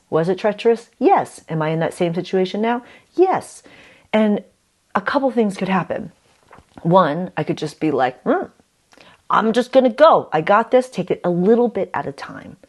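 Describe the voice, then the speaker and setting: A woman vlogging, telling an animated story with rhetorical questions, swearing and bursts of laughter. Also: low voice. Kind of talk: casual self-talk vlog.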